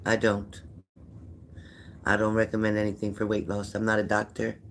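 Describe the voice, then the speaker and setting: An older man with a somewhat low voice chats loosely to his livestream viewers, rambling and greeting them by name. He sounds worn out. A faint hiss of noise sits under his voice. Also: monotone, moderate pace, fairly bright tone. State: tired. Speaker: psychic livestream host. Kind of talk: casual livestream chat reading viewer comments.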